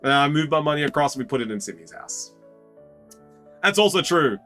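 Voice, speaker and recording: A young man with an Australian accent chats casually on a stream, rambling and slangy and often repeating himself. His fairly high, bright voice rises and falls a lot. Faint music plays behind him. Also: expressive, brisk. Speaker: streamer opening trading cards. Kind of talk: casual live chat.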